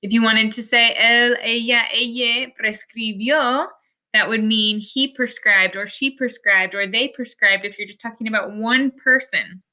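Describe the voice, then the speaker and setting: A woman's voice: on the high side, fairly even intonation, moderate pace, hardly any pauses, pushed and bright. A woman, teaching a recorded Spanish lesson over slides, explaining patiently step by step.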